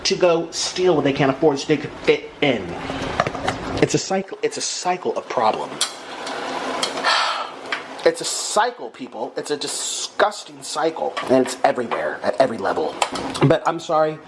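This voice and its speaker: A man's voice: fairly high pitch, noisy background. A man ranting in a casual vlog at home, indignant and exasperated, with a sarcastic edge. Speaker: vlogger. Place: at home in his apartment.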